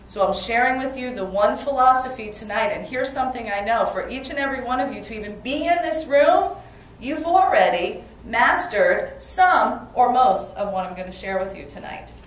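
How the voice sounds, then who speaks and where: Speaking at normal speed with barely any pauses, a Brooklyn-born woman with a slightly high voice fires up a live audience in a meeting room, playfully prompting them to answer back. She's a motivational speaker, captured from far off in an echoey room with faint noise.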